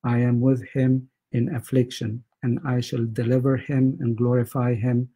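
A man reads church prayers aloud in a steady, unhurried recitation. His voice is very dark and husky, held in a flat, narrow pitch with little rise or fall. He moves evenly through the scripture and the repeated chanted responses. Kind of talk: liturgical prayer reading.

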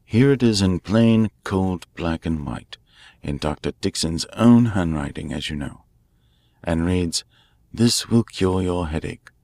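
A grave, commanding male detective laying out his case and pressing a suspect hard, as a male reader voices him. The deep, low voice stays forceful and measured, and it is recorded close and dry. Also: lively intonation, dry recording. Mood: explaining. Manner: grave, forceful, cross-examining. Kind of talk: audiobook character voice.

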